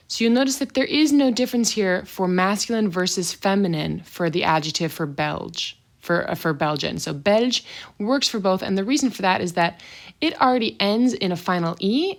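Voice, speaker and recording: A woman teaching French in a recorded video lesson, explaining step by step and slowing down to model pronunciation. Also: on the low side. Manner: patient, slows down to model pronunciation.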